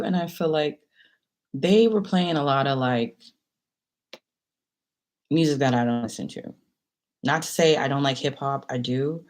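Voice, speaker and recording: A woman in her late twenties telling a casual, animated storytime about a night out, slipping into quoted voices and whispers. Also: sits low, gravelly. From China. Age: late 20s. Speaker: vlogger.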